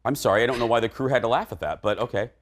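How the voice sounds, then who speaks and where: A man's voice: medium pitch, racing. A man hosting a studio talk show, chatty and self-deprecating.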